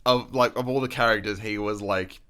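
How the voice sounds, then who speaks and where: Rich: A man with a lowish, smooth and resonant voice co-hosts a casual film podcast. He talks loosely, swears freely and often restarts his sentences. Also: fairly even intonation, normal speed, sharp tone. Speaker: podcast co-host. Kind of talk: casual film discussion chat.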